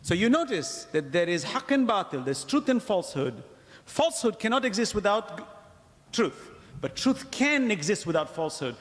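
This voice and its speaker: A man giving a religious lecture to a congregation, asking rhetorical questions and pausing for emphasis. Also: high voice, in a large hall. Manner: animated, wide-ranging delivery. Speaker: Islamic lecturer.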